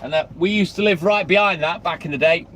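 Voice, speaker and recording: A man's voice: high-pitched, fast talker, poor audio. A man hosting a casual live stream, chatting with viewers by name and telling corny jokes. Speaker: livestream host. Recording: loud outdoor traffic noise.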